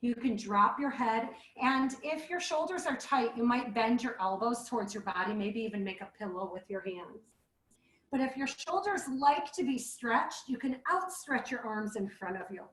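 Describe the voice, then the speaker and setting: A woman guiding a yoga class with gentle, playful cues. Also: a little high, expressive, moderate pace. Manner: gentle, playful cueing with animal sounds. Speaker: yoga instructor. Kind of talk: guided yoga class instruction. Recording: echoey room.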